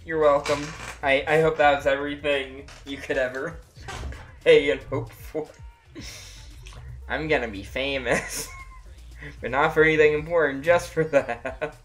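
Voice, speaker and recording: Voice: mid-range voice, fairly even intonation, a little slow, pauses often. Giggly gaming streamer, music underneath. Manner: laughs often, exclaims a lot. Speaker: livestreamer playing a block-building game. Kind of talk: casual live gameplay commentary. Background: faint music playing.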